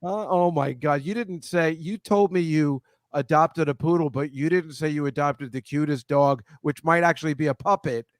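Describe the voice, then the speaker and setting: A man's voice: a little high, moderate pace, few pauses, no echo, clean studio sound. A man hosting a casual comedy show, chatting with a guest in a rambling, self-correcting way. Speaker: host. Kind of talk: casual video-call chat.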